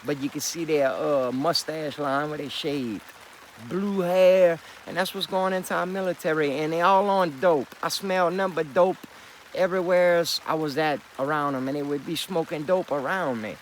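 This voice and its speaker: A man rambling to the camera in a loose, profane, emphatic way, throwing in folksy words like partner and boy. His voice sits a little higher than most men's. A faint hiss of noise sits under the talk. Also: fairly even intonation, normal speed, poor audio. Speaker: vlogger.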